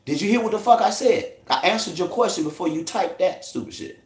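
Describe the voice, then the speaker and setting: High-voiced guy going off on folks, cussing and drilling questions, voice bouncing all over, roomy echo. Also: expressive, a little fast, few pauses. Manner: forceful, profane, interrogating. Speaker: street teacher debating a crowd. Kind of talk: confrontational street lecture.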